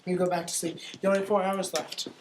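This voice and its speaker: Halting young game master in an echoey room. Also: male voice, high voice, little pitch movement, noisy background. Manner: halting, many restarts and ums while describing scenes. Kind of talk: narrating a tabletop game.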